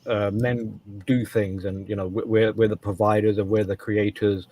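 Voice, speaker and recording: A man's voice: fairly low pitch, flat delivery, normal speed, a little mellow. A man co-hosting a casual podcast discussion, talking emphatically and often restarting and repeating his words. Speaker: co-host.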